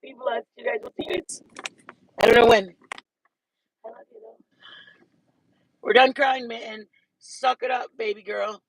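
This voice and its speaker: A woman's voice: a little high, expressive, unhurried, vocal fry, pauses often, breathy edge, no echo, rough recording. A woman hosting a casual livestream chat, gushing and rambling between bursts of laughter, speaking into wireless earbuds. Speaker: channel host.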